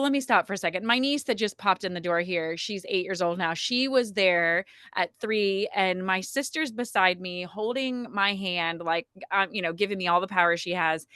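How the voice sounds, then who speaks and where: A woman telling a personal story in a casual podcast conversation, chatty and animated, with plenty of "like" and "um". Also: mid-range voice, clean tone, dry recording, studio quality. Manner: chatty, frequent "like" and "um" fillers, animated retelling. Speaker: podcast guest telling her birth story.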